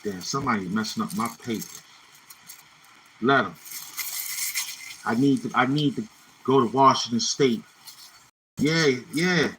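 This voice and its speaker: A laid-back man hosts a casual livestream, riffing loosely and dropping quick rhymes between asides. His voice is bright and forceful at a middle pitch, with a faint hiss of noise behind it. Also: low-quality recording. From Brooklyn, New York City. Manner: laid-back, keeps tagging lines with "you know what I'm saying". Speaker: livestream host.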